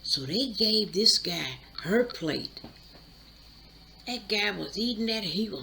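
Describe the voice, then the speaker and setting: A woman's voice: medium pitch, expressive, creaky, noisy background. A woman hosting her channel, chattily retelling a movie plot with asides. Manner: chatty, drawn-out storytelling with asides. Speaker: YouTube channel host.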